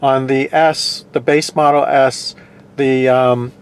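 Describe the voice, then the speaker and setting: A man's voice: mid-range voice, flat delivery, slow, clear, resonant tone. A man hosting a casual car review, talking in a rambling, digressive way full of ums and uhs, from inside a parked car. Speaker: car reviewer and show host.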